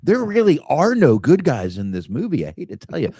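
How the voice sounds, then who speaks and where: A man's voice: fairly high pitch, wildly swooping pitch, brisk, mellow, breathy edge, no room sound, studio quality. A man co-hosting a casual movie review podcast, swearing often and restarting his sentences. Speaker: podcast co-host.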